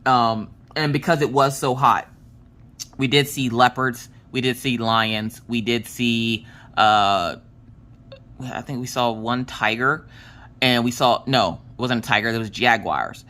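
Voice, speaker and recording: A woman's voice: very deep voice, unhurried. A woman telling a rambling, casual story in a crafting vlog, full of fillers and restarts, and acting out what people said. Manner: animated, acts out quotes in voices. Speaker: crafting vlogger.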